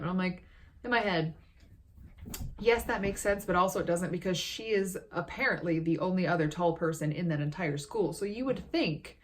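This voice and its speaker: A woman's voice: lowish voice, moderate pace. A young woman vlogger recapping a movie in a casual, sarcastic, profanity-laced ramble.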